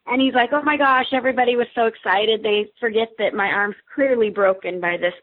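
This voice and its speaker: A woman's voice: medium pitch, fairly quick, slight background noise. A woman guest telling a story in casual chat, acting out what people said. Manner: lively, acts out quoted dialogue. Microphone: phone. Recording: tinny phone line.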